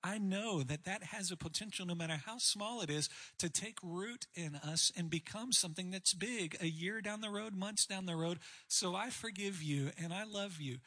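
A man's voice: high-pitched, normal speed, few pauses, bright, forceful tone. A man preaching a sermon on marriage, candid and self-deprecating in a conversational way. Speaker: pastor speaking on marriage.

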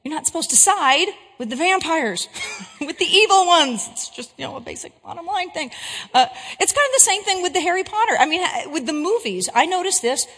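Animated bright woman speaker in a hall. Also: very high voice, a little fast. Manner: animated storyteller who keeps checking in with the audience. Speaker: Christian speaker and English teacher. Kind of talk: Christian talk to an audience.

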